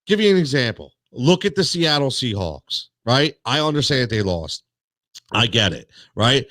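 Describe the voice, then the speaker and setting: A man's voice: medium pitch, big pitch swings, moderate pace, a bit bright, no room sound. A man hosting a sports talk show, ranting in a heated, worked-up way with many restarts and repeated words.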